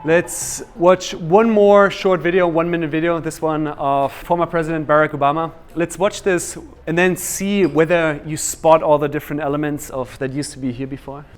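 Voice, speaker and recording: A man leading a storytelling workshop, energetic and quizzing his audience. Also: fairly high pitch, moderate pace, hardly any pauses. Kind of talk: interactive workshop teaching.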